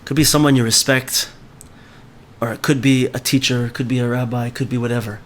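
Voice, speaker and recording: A man's voice: mid-range voice, fairly even intonation, a little fast. A man leading a book club, reading a story aloud and explaining it conversationally, often checking in with his listeners.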